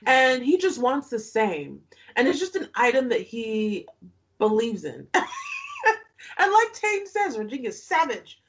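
A woman's voice: fairly high pitch, sing-song, measured pace. A woman co-hosting a podcast, recapping a reality show in casual chat, often laughing and making sarcastic asides.

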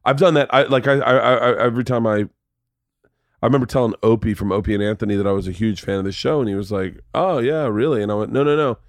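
A man's voice: mid-range voice, fast talker, dry recording. A man hosting a podcast, telling long rambling stories in casual chat and swearing freely. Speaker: podcast host.

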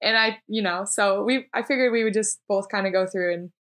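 A woman's voice: mid-range voice, a little fast, a bit bright. Easygoing woman podcast host. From Minneapolis. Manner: easygoing, agreeable back-channeling. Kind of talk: casual podcast chat.

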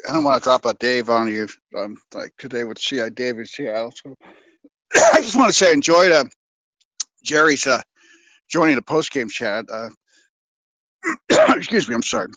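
A man calling in to a sports radio show, talking in a halting, rambling way with many fillers. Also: medium pitch, big pitch swings, fairly bright tone, dry recording, rough recording. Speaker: caller. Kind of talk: sports call-in talk.

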